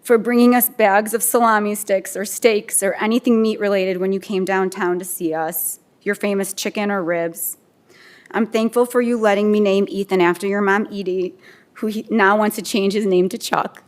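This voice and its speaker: A woman's voice: mid-range voice, fairly even intonation, normal speed. A woman in her forties, a daughter-in-law, reading a fond and reflective eulogy. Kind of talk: read eulogy.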